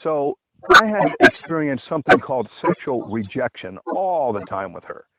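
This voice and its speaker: A man speaks in a frank, meandering way, stacking up casual asides as he tells his own story at a middle pitch. The sound is thin and tinny, like a phone line, with a steady hiss clearly audible behind his voice. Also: moderate pace. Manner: rambling and blunt, full of "you know" asides. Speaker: author telling his own dating story. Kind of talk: unscripted personal monologue.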